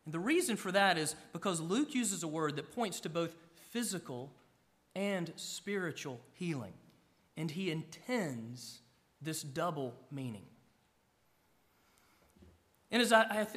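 A middle-aged pastor, preaching a sermon, with emphatic rises and soft drops. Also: male voice, a little high.

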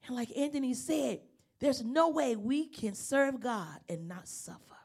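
A middle-aged woman preaching a sermon, telling her own story and growing loud and impassioned. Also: high-pitched, a little slow, creaky, slightly rough. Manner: impassioned, rising to loud emphasis. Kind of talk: sermon with personal testimony.

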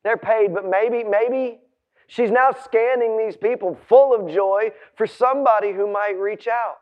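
Man, forties, very high voice, dramatic sermon storytelling, hushed to shouting, stammering restarts. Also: a little slow. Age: 40s. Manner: stammering restarts when excited. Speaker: preacher. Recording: dull lo-fi sound.

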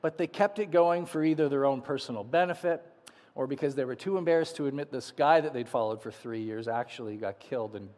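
Man preaching in an echoing hall. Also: brisk. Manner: dramatic, drops to soft low endings. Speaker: pastor. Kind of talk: Easter sermon with scripture reading.

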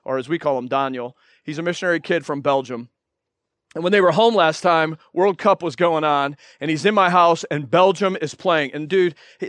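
A man preaching a sermon, lively and animated, who acts out other people's voices in his stories. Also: a little high, no room sound. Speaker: pastor.

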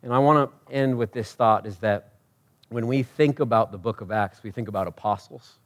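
A pastor delivering a sermon, rising to loud emphatic peaks and dropping to quiet, personal asides, talking conversationally and asking the congregation questions. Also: male voice, moderate pace. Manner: swings from loud preaching peaks to quiet intimate lows; conversational, self-correcting, asks the crowd.

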